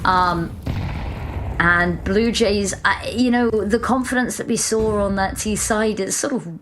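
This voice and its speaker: A British woman calls a live esports match as the analyst, breaking down plays with wry, joking asides. Her voice sits at an ordinary middle pitch, with a faint hiss of noise behind it. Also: measured pace. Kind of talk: live esports color commentary.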